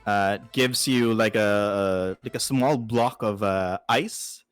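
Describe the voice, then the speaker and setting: A man narrating as game master, relaxed and chatty, with frequent filler sounds. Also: fairly low pitch, slow pace, smooth, faint music behind.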